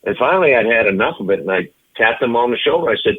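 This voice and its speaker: A man in his seventies, a retired ballplayer, telling anecdotes in an interview with lively, animated delivery. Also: medium pitch, fast, husky, narrow, tinny audio. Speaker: interview guest, retired baseball player. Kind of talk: storytelling interview.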